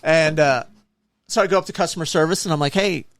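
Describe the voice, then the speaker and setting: A man's voice: a little high, fast. A man co-hosting a casual podcast, telling stories and acting out the people in them. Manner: animated anecdotes acting out quoted people. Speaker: podcast co-host. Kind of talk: casual chat, storytelling.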